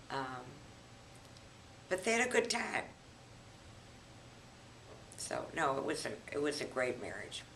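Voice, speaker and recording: An elderly woman in her eighties, recounting family memories in an unhurried, reminiscing way as a grandmother being interviewed. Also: very deep voice, gravelly, fairly bright tone, a little hiss or hum, rough recording. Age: 80s. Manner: reminiscing, unhurried, chuckles often.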